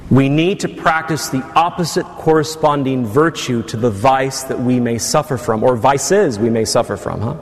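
A man's voice: mid-range voice, moderate pace, hardly any pauses. A male priest giving a sermon to his congregation, with teasing asides. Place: church. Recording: long church reverb.

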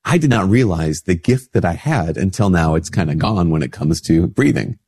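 A middle-aged priest hosting a casual spiritual talk, stuffy-nosed from a cold, chatting easily and acting out little dialogues. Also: male voice, lively intonation, normal speed, darkish tone, breathy edge. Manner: conversational, acts out little dialogues with rising pitch. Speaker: priest and show host.

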